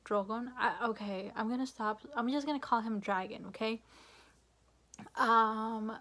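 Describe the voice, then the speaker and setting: A woman's voice: fairly high pitch, measured pace, fairly bright tone. A young woman vlogging a casual, rambling rant, frustrated and full of fillers and swearing.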